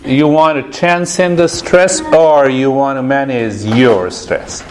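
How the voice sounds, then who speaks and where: A man running a relaxed group session on stress, speaking at an unhurried pace. He laughs easily and teases the participants in a friendly way. His pitch sits in the middle for a man. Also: crowd noise. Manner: slow, laughing often, friendly teasing. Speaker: meditation teacher. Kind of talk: casual group session talk.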